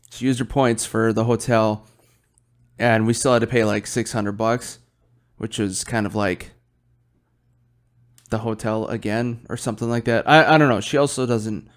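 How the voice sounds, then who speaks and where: A young man hosting his own podcast, chatting casually and rambling while he drinks beer, swearing often and yawning. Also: medium pitch. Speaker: podcast host.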